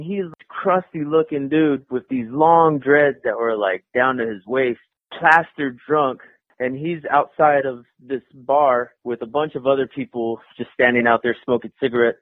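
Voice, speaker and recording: A young man telling a story in a casual, profane, animated way, acting out the voices as he goes. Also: medium pitch, dry recording. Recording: tinny phone-line radio call.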